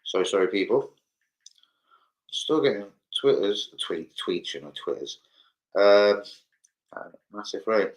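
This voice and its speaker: A man's voice: on the low side, animated, slow pace, long pauses, rough recording. A young man chatting casually on a football fan livestream, rambling, swearing and reading out viewer comments. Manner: swearing, rambling, reads chat aloud. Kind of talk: casual live-stream chat.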